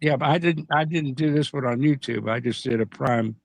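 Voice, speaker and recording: A man chatting casually on a streamed panel call, halting and repeating his words, laughing often. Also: mid-range voice, creaky, no echo. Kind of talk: casual chat. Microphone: video call.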